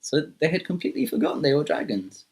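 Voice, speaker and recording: A man's voice: on the high side, wildly swooping pitch, fast talker, creaky, a little mellow, slightly rough. A man telling an improvised myth casually, rambling with many fillers and restarts. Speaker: storyteller. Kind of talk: improvised spoken storytelling.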